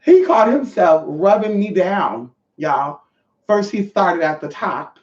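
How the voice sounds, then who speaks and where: A woman's voice: on the low side, expressive, slow, a little mellow. Sassy trans woman vlogging, swears a lot, talks to the viewers directly; echoey room, set back from the mic, muffled sound. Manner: sassy, profane, calls the viewers honey and y'all. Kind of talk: casual storytelling to viewers. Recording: echoey, distant, dull sound.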